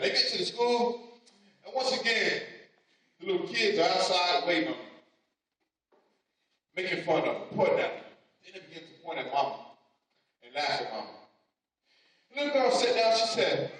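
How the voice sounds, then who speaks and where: A man's voice: on the high side, brisk, a bit bright. A man preaching a sermon, telling a story and speaking the mother's and daughter's lines in his own voice. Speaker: pastor. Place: church sanctuary. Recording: echoey church hall, mic from a distance.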